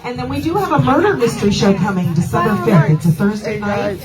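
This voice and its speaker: A woman's voice: mid-range voice, animated, fast talker, distant mic. A woman hosting a comedy club, making upbeat announcements about upcoming shows. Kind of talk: show announcements. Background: crowd and loud music.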